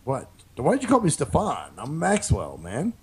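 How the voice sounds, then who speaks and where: A man's voice: on the high side, wildly swooping pitch, moderate pace, breathy edge. A man co-hosting a casual comedy podcast with crude, joking banter. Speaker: podcast co-host. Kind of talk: casual chat.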